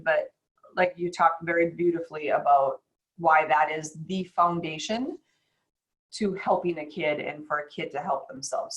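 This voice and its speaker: A woman's voice: lowish voice, a bit bright, rough recording. A woman who hosts a podcast and works as a chiropractor, talking in a chatty, rambling way in a casual interview. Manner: chatty, rambling, quick bursts and laughs.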